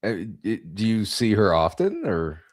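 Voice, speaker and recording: A man's voice: lowish voice, wildly swooping pitch, moderate pace. A man hosting an interview podcast, asking hesitant questions and giving short, encouraging replies. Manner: brief supportive backchannels, hesitant questions. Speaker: podcast host. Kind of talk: casual interview.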